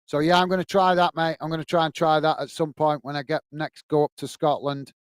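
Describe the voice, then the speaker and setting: A man's voice: a little high, flat delivery, a little fast, clean tone, no room sound. A man from England hosting a football watch-along, chatting casually and reading out viewer comments with friendly thanks. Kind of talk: casual live-stream chat.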